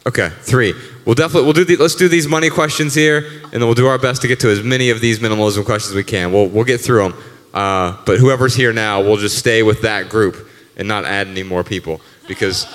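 Measured man hosting a live show. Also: lowish voice, fairly bright tone, in a large hall. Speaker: podcast co-host. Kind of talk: live podcast talk and moderating audience questions. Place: live event venue with an audience.

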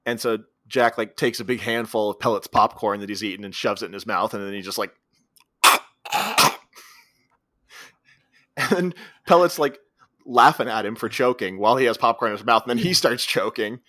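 A man's voice: on the low side, normal speed, pushed and bright, no room sound, studio quality. A man co-hosting a podcast, casually recapping a film's plot scene by scene. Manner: retells scenes, quoting characters in brief voices. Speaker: podcast co-host. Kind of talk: casual movie recap chat.

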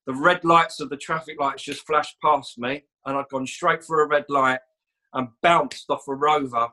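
A man telling a lively story in a casual chat. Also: fairly high pitch, normal speed, poor audio. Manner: lively storyteller, animated retelling.

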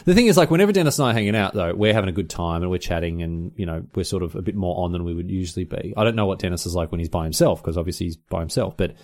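A man with an Australian accent, hosting a podcast in fast, animated, casual solo chat. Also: low voice. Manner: fast, animated storytelling with exclamations. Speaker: podcast host.

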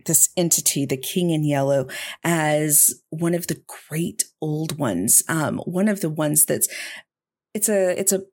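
A woman with a low, slightly husky voice runs a tabletop horror game. She talks slowly and explains things in a relaxed, easy manner. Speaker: game master.

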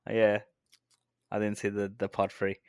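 A man's voice: lowish voice, monotone, a little slow, a little mellow, clear, resonant tone, no echo, studio quality. A man co-hosting a podcast in casual chat, laughing often and swearing freely. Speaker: podcast co-host.

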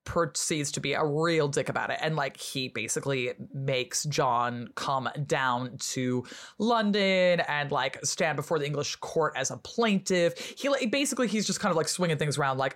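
A woman historian, a podcast guest, retelling history in a casual, irreverent and animated way, with lots of fillers. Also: deep voice, moderate pace.

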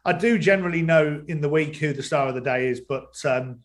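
This talk show guest, a stadium announcer on a video call, has a voice on the high side and speaks briskly. Even so, he comes across as hesitant in the casual podcast chat, full of ums and restarts.

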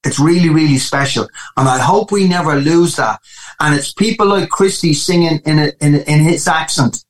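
A man from Ireland with a Dublin accent, a guest musician telling animated stories in a casual interview, with frequent restarts. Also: a little high, moderate pace, poor audio. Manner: animated storytelling with many restarts.

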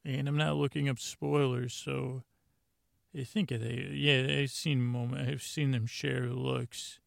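Speaking slowly with vocal fry, this podcast host has a medium pitch that barely varies, recorded in a studio with no room sound. His bedtime show rambles through an episode recap packed with fillers and restarts, and he relays scenes casually using "he goes."

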